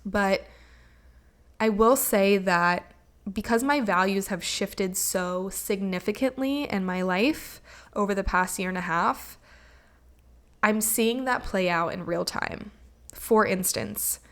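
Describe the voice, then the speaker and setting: A woman's voice: mid-range voice, slow, a bit bright. A young woman hosting her own podcast, talking in a casual, earnest and reflective way, often slipping into encouraging advice and filling with "like" and "you know.". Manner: earnest, reflective, motivational, with many likes and you knows. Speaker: podcast host. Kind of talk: casual solo podcast monologue.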